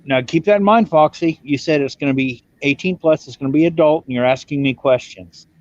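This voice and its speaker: A man's voice: on the high side, fairly quick, darkish tone, no room sound, dull audio. A man from Ireland hosting a casual livestream chat, blunt and self-mocking in how he talks. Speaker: livestream host.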